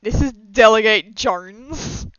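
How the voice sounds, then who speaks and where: Giggly rambling young streamer, smooth voice. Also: medium pitch, slow, fairly bright tone, no echo. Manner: rambling, giggly, self-deprecating. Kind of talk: casual live-stream chat. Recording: slightly dull lo-fi mic, dry.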